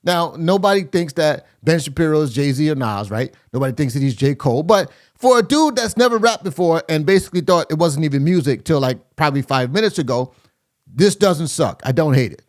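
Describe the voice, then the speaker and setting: A man's voice: a little high, expressive, brisk, darkish tone. A man hosting a music reaction video, chatting casually as he breaks down rap lyrics and scats rhythms to explain them. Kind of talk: casual rap critique commentary.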